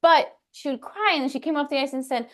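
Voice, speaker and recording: A woman's voice: sits high, quick pace. A woman in her thirties, a therapist guest on a podcast, talking animatedly in casual conversation. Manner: warm and animated, tells stories about her kids.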